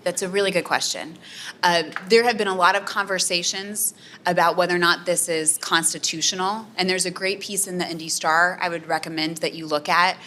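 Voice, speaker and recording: At a community center meeting room, a woman political scientist with an American Midwestern accent answers audience questions, explaining earnestly with frequent "um" and "right?". Her lowish voice is fairly quick and fairly even in intonation, with a bright, forceful tone and slight background noise.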